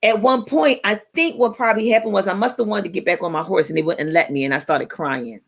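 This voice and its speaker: A woman in her forties, co-hosting a radio talk show and telling stories in a playful, animated way. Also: mid-range voice, fast, creaky, slightly rough. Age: 40s. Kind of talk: casual chat.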